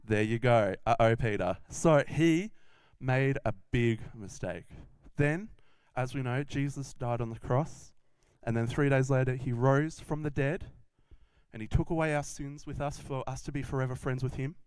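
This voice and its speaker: A man's voice: medium pitch, moderate pace, a little mellow, clear, resonant tone, no room sound. A young adult man giving a children's Bible message in a casual, chatty storytelling way. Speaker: children's minister.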